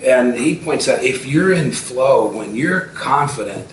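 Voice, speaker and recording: A man in his fifties, an entrepreneur appearing as a guest in a casual interview, tells stories in an expressive mid-range voice at a measured pace. He restarts often and uses plenty of fillers. The recording sounds roomy and distant, with faint background noise.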